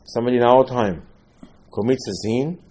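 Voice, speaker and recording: A man teaching a Torah class in a lively storytelling sermon, mixing Hebrew terms into his English and swinging between loud bursts and quiet asides. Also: mid-range voice, a little fast. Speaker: religious teacher.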